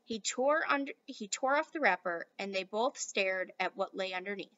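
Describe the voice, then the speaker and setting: A woman's voice: medium pitch, lively intonation, normal speed, lo-fi sound. A woman, a teacher, reading a storybook aloud and speaking directly to her listeners in a friendly way. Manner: warm, friendly address to listeners.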